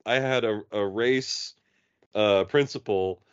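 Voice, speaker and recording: A man telling a story on a podcast in casual chat, animated and swearing, acting out the people in his stories. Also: lowish voice, clear, resonant tone, no echo. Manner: animated, swearing, quick to play characters. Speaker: podcast co-host. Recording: dry, dull lo-fi audio.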